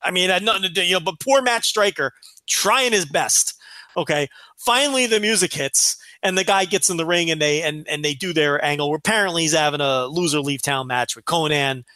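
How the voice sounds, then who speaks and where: High, bright-voiced man ranting on a podcast. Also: fairly quick, no room sound. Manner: profane, exasperated ranting with quoted impressions. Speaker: podcast co-host. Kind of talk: casual podcast chat.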